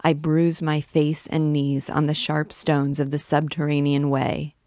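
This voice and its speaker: A woman's voice: deep voice, level tone, measured pace, darkish tone, no room sound, clean studio sound. A woman voicing a proud, fiery male archdeacon and alchemist who declaims his views in a grand manner, reading from a novel. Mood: brooding.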